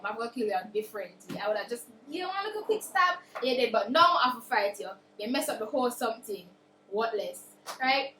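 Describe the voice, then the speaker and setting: High-voiced Jamaican woman retelling a book. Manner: animated, acts out characters' quotes. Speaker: book reviewer. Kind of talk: casual plot retelling. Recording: echoey room with faint noise.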